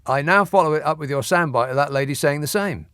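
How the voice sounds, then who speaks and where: A man's voice: a little high, quick pace, fairly bright tone, no echo. A man hosting a radio phone-in, talking in a dry, sardonic way. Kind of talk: late-night radio talk.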